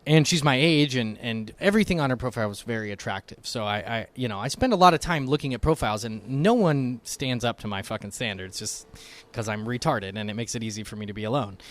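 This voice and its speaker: A man's voice: mid-range voice, fast talker, hardly any pauses. A man co-hosting a casual podcast, telling loose, profane stories and slipping into voices. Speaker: podcast co-host.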